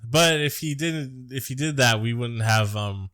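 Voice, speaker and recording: Laid-back and crude, an American podcast co-host jokes his way through a casual movie review. He speaks a little slowly at medium pitch with a fairly bright tone, captured in studio quality with no room sound.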